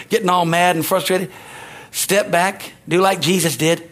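A man's voice: high voice, fairly quick, fairly bright tone. A man preaching a rousing sermon, calling out amens and hallelujahs between points. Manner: rousing, call-and-response preaching. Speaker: pastor.

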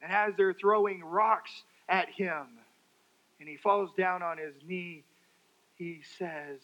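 A man preaching a sermon, dramatic, swinging from loud outbursts to hushed, quiet phrases. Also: sits high, fairly even intonation, slow pace, lo-fi sound.

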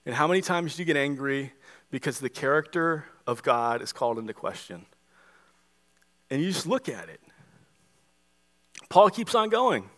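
A male pastor preaching a sermon, animated, acting out the voices he quotes. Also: fairly high pitch, moderate pace, pauses often. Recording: long hall reverb.

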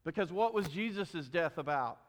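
A man's voice: a little high, animated, normal speed, big-room sound. A man preaching a sermon, emphatic and asking his listeners questions as he teaches. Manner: emphatic, asks the congregation questions. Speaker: pastor.

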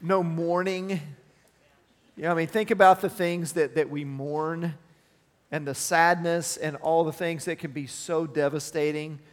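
Earnest middle-aged pastor in a reverberant hall. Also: male voice, fairly high pitch, steady tone, a little slow. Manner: earnest, conversational preaching with personal asides. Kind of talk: sermon.

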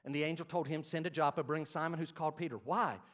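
A man preaching a sermon as pastor, passionate, swinging from quiet asides to loud emphatic preaching. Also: fairly high pitch, fairly even intonation, fast talker.

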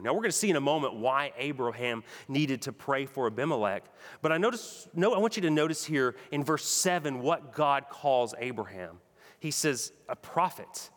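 A man's voice: medium pitch, expressive, moderate pace, fairly bright tone, in a large hall. A man preaching a sermon with emphatic, rhythmic delivery. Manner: emphatic preaching, builds to repeated punchy phrases. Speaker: pastor.

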